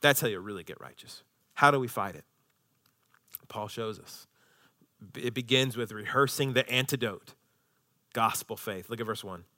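A male pastor preaching a sermon, moving between hushed, almost whispered lines and loud, impassioned passages. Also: fairly low pitch, normal speed, long pauses.

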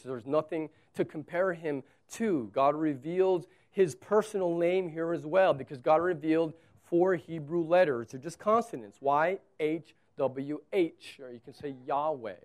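A man's voice: fairly high pitch, measured pace, hardly any pauses, a little mellow. A male pastor preaching a sermon with emphasis, acting out the quotes.

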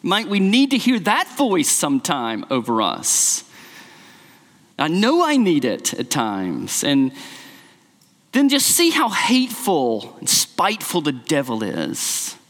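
A man preaching a sermon as pastor, earnest and emphatic, speeding up and slowing down to stress his points. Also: huge pitch swings, a bit bright, in a large hall. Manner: earnest, emphatic, varies pace and pitch widely.

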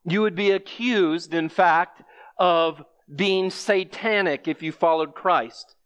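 Middle-aged guy preaching a sermon, kinda higher voice, reads scripture and fires off questions at the crowd. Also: fairly bright tone, smooth. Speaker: pastor.

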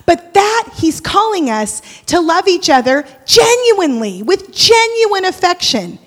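A woman preaching a sermon in a church, expressive, moving between loud lively passages and hushed prayerful ones. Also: very high voice, a little slow, few pauses. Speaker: church speaker. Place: church sanctuary. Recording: long hall reverb.

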